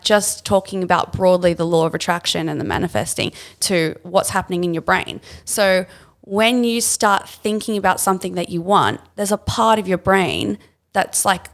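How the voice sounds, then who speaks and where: A young Australian woman hosting a podcast, telling a story in casual chat, animated and full of "like". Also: mid-range voice. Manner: animated storyteller, fillers of "like", acts out quoted voices. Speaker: podcast host.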